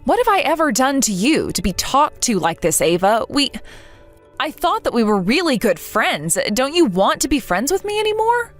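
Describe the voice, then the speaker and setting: A woman's voice: high-pitched, sing-song, normal speed, soft background music. A synthetic woman's voice speaking as a hurt young woman in a text-message story, asking earnest, pleading questions.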